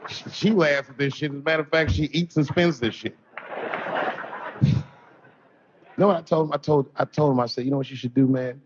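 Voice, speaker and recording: A man's voice: fairly high pitch, moderate pace, long pauses, noisy background. Male stand-up, blunt and profane, slightly muffled live recording. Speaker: stand-up comedian. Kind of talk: stand-up comedy routine. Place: comedy stage before an audience.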